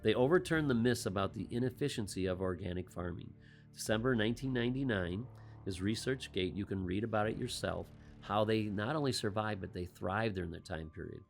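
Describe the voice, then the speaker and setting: Male host, lowish voice, commentary monologue full of rhetorical questions and dry quips. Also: a little fast, creaky, soft background music. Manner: rhetorical questions with wry asides.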